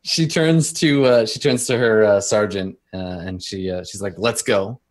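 A man's voice: on the low side, fairly even intonation, moderate pace. A man running a tabletop role-playing game as game master, narrating scenes with frequent ums and uhs.

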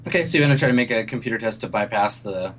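A man's voice: on the low side, animated, rapid-fire, a bit bright. Hesitant man running a tabletop game. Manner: hesitant, many ums and restarts. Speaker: game master.

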